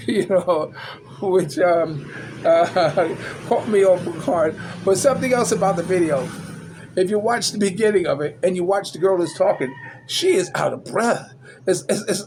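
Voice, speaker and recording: An older man talks in a loose, rambling vlog, chuckling as he goes and filling pauses with "you know." His voice sits fairly high for a man. Traffic and street noise hum steadily behind him. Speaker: vlogger. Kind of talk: casual vlog commentary. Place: small outdoor hangout spot after tennis.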